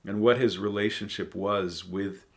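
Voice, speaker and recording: A man with a lowish voice reads poetry aloud and muses over it unhurriedly, as a channel host doing a relaxed, casual reading and commentary. He thinks out loud, thoughtful and hesitant, trailing off and filling gaps with frequent ums.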